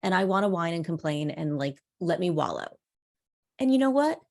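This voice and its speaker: A middle-aged woman appears as a guest on a casual podcast, telling stories energetically and acting out quoted dialogue. Her voice is gravelly and fairly low, and she speaks at a moderate pace.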